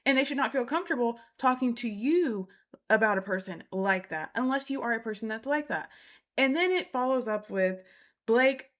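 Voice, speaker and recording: A woman hosts a casual reality TV recap, giving opinionated commentary in a blunt, exasperated way and repeating points for emphasis. Her voice is a little high, animated, and a bit bright, at normal speed.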